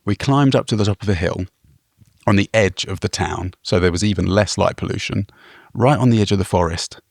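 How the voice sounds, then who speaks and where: A man's voice: low voice, brisk, vocal fry, dry recording, clean studio sound. A man co-hosting a travel podcast, telling a rambling, self-deprecating story with small chuckles. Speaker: podcast co-host.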